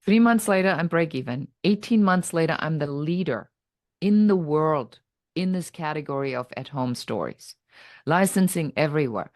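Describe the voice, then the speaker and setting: A middle-aged woman speaks in a low, dry-sounding voice as a podcast guest. She tells her story dramatically and voices her own past thoughts as if reliving them. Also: animated, moderate pace, no echo. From Germany. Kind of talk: personal story told in conversation.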